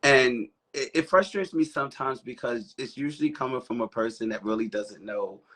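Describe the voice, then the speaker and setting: Podcast host, man from Baltimore, conversational and reflective, mid pitch. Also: moderate pace, a bit bright. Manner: reflective, conversational, laughs easily. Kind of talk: casual interview chat.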